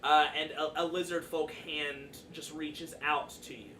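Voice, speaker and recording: A man's voice: on the high side, little pitch movement, a little slow, pushed and bright. A man narrating a tabletop game as dungeon master, loose and chatty with lots of fillers. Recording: echoey room, far from the mic, faint noise.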